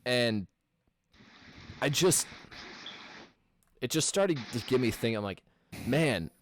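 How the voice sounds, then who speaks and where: A man's voice: medium pitch, lively intonation, takes it slowly, slight background noise. A young man from the American Midwest telling a podcast story in casual chat, with many fillers and a lot of swearing.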